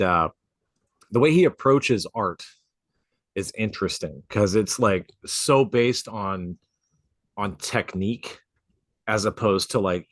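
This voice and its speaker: A talkative man with a low voice co-hosts a tattoo podcast. He chats loosely, swears freely and laughs often, recorded dry and close with little room sound. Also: dry recording. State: coughing from a drink gone down the wrong pipe. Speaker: podcast co-host and tattoo artist. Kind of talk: casual chat. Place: home studio, outside noise nearby.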